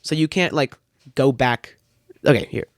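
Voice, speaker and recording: A man's voice: medium pitch, a little slow, no room sound. A thirteen-year-old boy chatting casually as a podcast guest, rambling with a dry wit. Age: teens. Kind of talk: casual chat.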